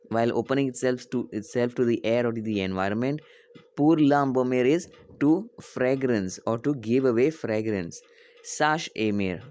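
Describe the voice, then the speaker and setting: A male teacher reading a French poem aloud slowly, repeating each line and translating it, often correcting himself. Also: mid-range voice, darkish tone.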